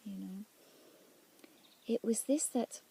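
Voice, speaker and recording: A woman telling of a prayer experience in a reflective, halting way, often dropping into near-whispers. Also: medium pitch, gravelly, slight background noise. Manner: soft-spoken, drops often into near-whispers; halting and searching, with restarts. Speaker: Christian speaker sharing a prayer experience. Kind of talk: reflective personal testimony.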